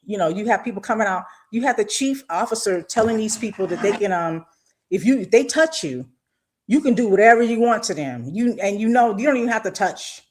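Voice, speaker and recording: A middle-aged woman hosts a live podcast. She talks straight at her listeners in a loose, slangy monologue, impassioned and direct, at a medium pitch. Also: expressive, brisk, darkish tone. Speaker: podcast host. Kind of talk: casual live-stream monologue.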